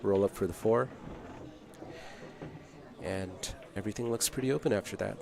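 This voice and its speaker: A man's voice: fairly low pitch, normal speed, vocal fry, a crowd in the background. A man giving casual live-stream commentary on a pool match, easygoing and laughing along with his co-hosts.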